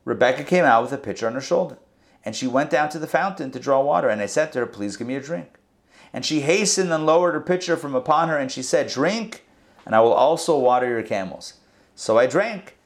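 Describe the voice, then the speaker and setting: A man, a rabbi, teaching a Torah class and retelling the verses in a lively storytelling way. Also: fairly high pitch. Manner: animated storytelling, acts out the verses.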